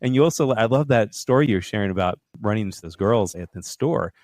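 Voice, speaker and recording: A middle-aged man hosts a casual interview in a low voice, recorded dry and close. He encourages his guest and chuckles between his questions. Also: animated, brisk, a little mellow, no room sound. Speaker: podcast host.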